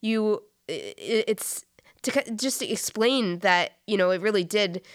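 Halting young woman, dry close mic. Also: medium pitch, no room sound. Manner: halting, many fillers and restarts. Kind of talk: casual faith chat.

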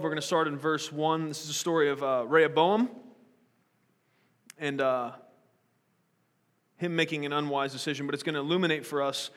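A man's voice: fairly high pitch, fairly bright tone. A man preaching a sermon as pastor, reading scripture and then retelling it in a casual, joking way. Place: church sanctuary. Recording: long church hall reverb.

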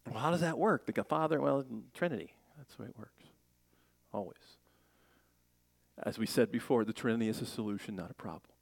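A man preaching a sermon in a lively, joking way, slipping into playful voices as he makes his points. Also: medium pitch, fairly quick, gravelly, pauses often, no room sound. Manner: animated, jokey preaching with playful voices and laughs. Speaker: pastor.

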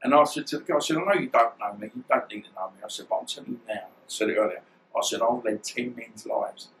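A man's voice: mid-range voice, quick pace, low-quality recording. Bloke in his 50s rambling thru stories, does all the voices, faint hiss behind. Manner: rambling, animated, acts out dialogue, swears. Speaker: guest, former boxer. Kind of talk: storytelling interview.

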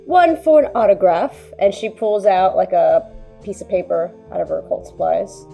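Gravelly, warm-toned woman player. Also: mid-range voice, moderate pace, soft background music. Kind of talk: in-character tabletop role-play.

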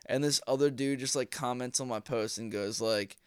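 A man's voice: mid-range voice, a little fast, few pauses, smooth, no room sound, clean studio sound. A young man co-hosting a casual podcast in a laid-back, profane way, laughing often. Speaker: podcast co-host. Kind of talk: casual chat.

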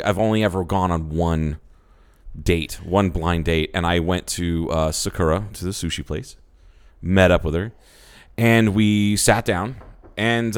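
A man with a lowish voice tells a story in an easy, chatty way. He slips into quick impressions of the people in his tale and breaks into laughter between lines. It sounds like a relaxed podcast conversation between friends. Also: clean tone. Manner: animated storyteller, acts out quotes, laughs often. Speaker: podcast co-host. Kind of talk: casual chat, storytelling.

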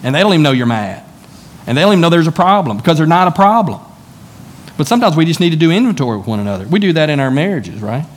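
A man preaching to his church congregation in a relaxed, conversational way, telling everyday stories and acting out the lines of the people in them. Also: fairly high pitch, very fast. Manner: conversational, folksy storytelling with acted-out dialogue. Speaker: pastor. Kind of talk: sermon. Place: church sanctuary.

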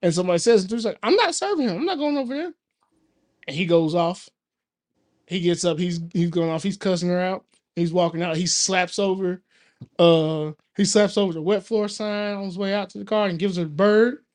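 A man's voice: high-pitched, brisk. A man, co-hosting a podcast and telling a story in casual chat, acting out the people in it. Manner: animated storyteller, acts out quoted voices. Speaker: podcast co-host.

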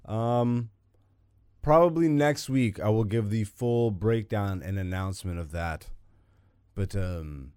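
A Canadian man in his thirties hosts a podcast from a home gaming room, chatting loosely as he plays, often laughing and poking fun at himself. His voice is on the low side and slow, captured dry with studio quality.

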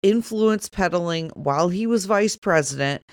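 A woman's voice: lowish voice, animated, unhurried, no room sound, clean studio sound. A woman co-hosting a political talk show, speaking bluntly and with scorn. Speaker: co-host.

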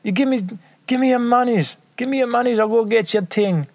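A man's voice: very high voice, a little fast, a little mellow, no room sound, voice pushed up. A man voicing a big, pushy street hustler with a Jamaican accent, who keeps repeating his demands. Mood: hustling. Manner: insistent, repeats himself.

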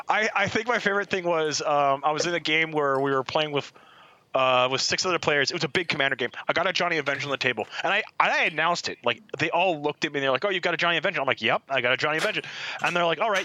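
A man co-hosting a podcast, chatting casually and telling animated, swear-filled anecdotes. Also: a little high, quick pace. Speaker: podcast co-host. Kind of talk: casual chat, storytelling.

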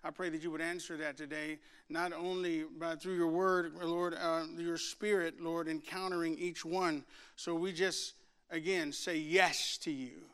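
A man preaching to a church congregation, praying and then telling stories with acted-out voices, building to loud shouts. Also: fairly high pitch, unhurried, clean tone. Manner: animated storyteller, acts out voices, builds to shouts. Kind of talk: sermon with prayer and storytelling. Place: church sanctuary.

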